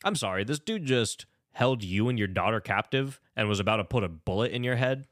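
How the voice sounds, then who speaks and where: A man casually recapping a film on a podcast, animated and exasperated, swearing freely and acting out the characters' lines. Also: medium pitch, fairly quick, no room sound, clean studio sound. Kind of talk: casual profane movie recap chat.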